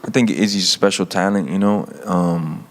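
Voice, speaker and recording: A man's voice: low voice, steady tone, normal speed. A man, a fighter, answering interview questions hesitantly with lots of fillers. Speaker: MMA fighter.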